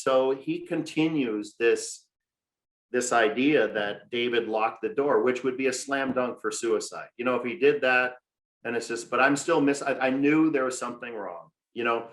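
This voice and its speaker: A man's voice: mid-range voice, fairly bright tone. Earnest man in an echoey room. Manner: measured, deliberate storytelling with frequent fillers. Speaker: guest, grieving father. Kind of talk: earnest podcast interview.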